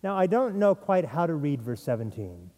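Middle-aged pastor man preaching, mellow but high voice, long echo of a big hall. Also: very animated, moderate pace. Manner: earnest, repeats words when stressing a point. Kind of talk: sermon.

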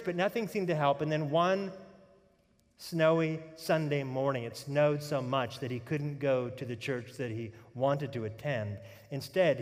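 A man preaching a sermon as pastor, telling a story in an earnest, conversational way. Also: mid-range voice. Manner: storytelling, earnest, shifts from soft to emphatic. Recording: reverberant hall.

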